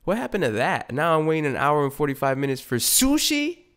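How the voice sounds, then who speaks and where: A man's voice: fairly high pitch, huge pitch swings, fairly quick, a bit bright. A young man hosting a podcast, rambling through a profane, comedic monologue and slipping into voices for the people in his stories. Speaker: podcast host.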